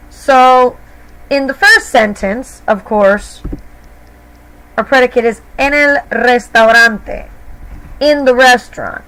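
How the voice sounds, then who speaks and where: A woman's voice: high voice, a bit bright, rough recording. A woman teacher explaining grammar to her students patiently, step by step, in a recorded lesson. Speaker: Spanish teacher.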